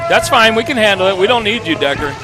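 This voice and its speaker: A man's voice: high-pitched, lively intonation, quick pace, music in the background, crowd noise. A man joking and hyping the action while commenting live on a demolition derby. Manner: joking, hype. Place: outdoor demolition derby track. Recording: loud engine noise outdoors.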